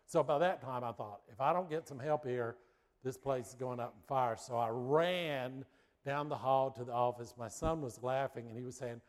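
A middle-aged male pastor giving a sermon, telling a lively personal story with suspense before drawing out his point. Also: mid-range voice, normal speed.

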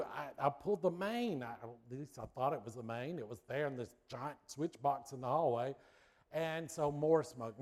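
Storytelling male pastor preaching. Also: mid-range voice. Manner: lively storyteller, builds suspense then makes a point. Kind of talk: sermon with personal anecdote.

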